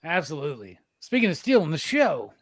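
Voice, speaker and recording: A man's voice: fairly high pitch, wildly swooping pitch, brisk. A man hosting a casual movie review podcast, steering talk and passing questions around. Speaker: podcast host.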